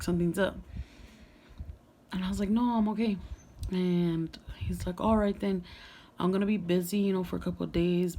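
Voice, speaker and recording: A young woman telling a story in a casual vlog, chatty and profane, full of "like" and "you know", sometimes dropping to a hush. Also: on the low side, gravelly, slight background noise. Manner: drops into hushed whispers at times. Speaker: vlogger.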